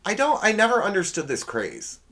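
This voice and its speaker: A male podcast host who rolls through a comic monologue in a casual, rambling way. His pitch swings widely as he jokes, dropping sarcastic asides and correcting himself as he goes. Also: wildly swooping pitch, brisk, gravelly, a bit bright.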